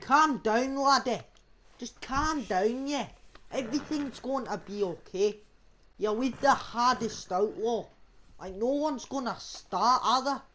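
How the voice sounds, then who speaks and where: A young man with a put-on Scottish accent, voicing a brash, foul-mouthed outlaw in a game role-play, rough and swaggering. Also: extremely high pitch, slow pace, pushed and bright, slight background noise, exaggerated voice. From England. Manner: rough, swaggering, swears a lot.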